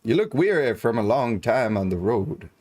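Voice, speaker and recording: A man voicing a folksy old-timey male apothecary who sells snake oil, with slow, courtly shopkeeper patter. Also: mid-range voice, big pitch swings, darkish tone. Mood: welcoming.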